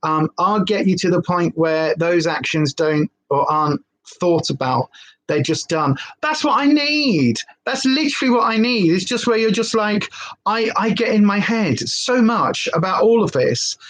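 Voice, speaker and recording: A woman's voice: on the low side, unhurried, slight background noise. Chatty woman vlogger. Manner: chatty, rambling, candid. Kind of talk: casual live-stream chat.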